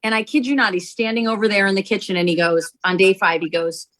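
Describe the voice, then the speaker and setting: A woman, a company founder, telling an animated testimonial story to sell her product, acting out quotes as she goes. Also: medium pitch, fast talker, low-quality recording. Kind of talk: testimonial sales pitch.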